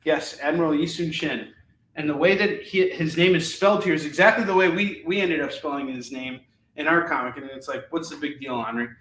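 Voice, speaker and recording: A man hosting a live comic book sales show, chatting casually and enthusiastically, rambling with fillers as he pitches each book. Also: a little fast, a bit bright. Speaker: live shopping show host selling comics. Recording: echoey room, mic at a distance, faint noise.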